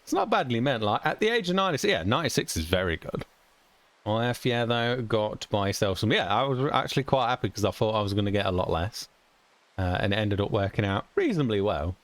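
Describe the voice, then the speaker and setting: A man's voice: on the low side, animated, a little fast, no room sound. A young British man chatting casually while streaming a game, rambling and chuckling often with mild cursing. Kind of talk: casual chat while gaming.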